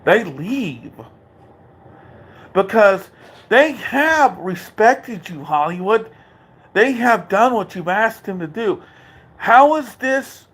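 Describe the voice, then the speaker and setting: A man vlogging an angry, profane rant from a dark room at home, taunting and repeating himself. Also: high voice, animated, takes it slowly, pauses often, slightly rough.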